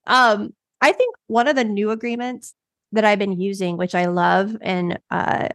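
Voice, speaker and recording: A woman's voice: mid-range voice, steady tone, a little slow, dry recording, clean studio sound. A woman co-hosting a coaching podcast, explaining her methods step by step in a reflective way. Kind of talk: casual podcast conversation.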